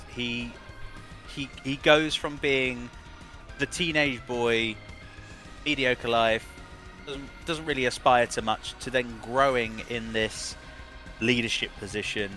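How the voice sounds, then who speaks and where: A man's voice: mid-range voice, slow, sharp tone, soft background music. A man who works as a voice director, giving long, rambling interview answers full of restarts.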